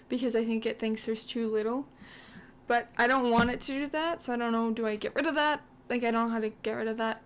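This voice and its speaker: A woman hosting a gaming channel, casually retelling her game's story in a chatty, rambling way with lots of "like". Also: on the high side.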